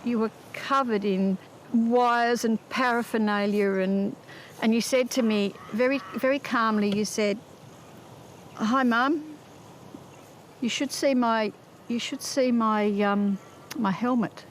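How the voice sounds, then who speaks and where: A woman's voice: on the high side, steady tone, measured pace, a little hiss or hum. A middle-aged woman, the interviewee's mother, telling a heartfelt story in an earnest way. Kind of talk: emotional documentary interview.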